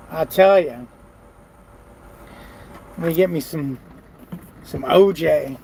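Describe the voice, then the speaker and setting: Weary high-voiced trucker grumbling. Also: male voice, extremely slow, gravelly, long pauses, a little mellow, a little hiss or hum, rough recording. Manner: weary, grumbling, frequent sighs. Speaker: truck driver. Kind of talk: casual vlog talk. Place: parked truck cab.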